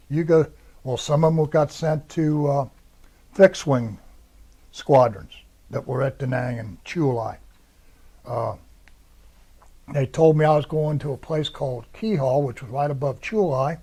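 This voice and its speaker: A man's voice: on the high side, dark tone. An older American man, a Marine veteran, recounting his service in a rambling, anecdotal way and acting out the voices of the people he quotes. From United States. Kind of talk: oral history interview.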